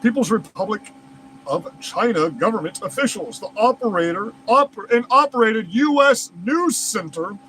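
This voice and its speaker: A man's voice: sits high, expressive, normal speed, bright, forceful tone, slight background noise, poor audio. A man reads news aloud and breaks off into heated, profane, incredulous rants as a commentary host. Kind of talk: reading news aloud and ranting over it.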